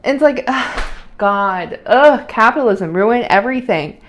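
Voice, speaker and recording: A woman's voice: a little high, animated, a little slow, a little hiss or hum. A young adult woman vlogging in casual chat, rambling and opinionated, with many fillers and restarts.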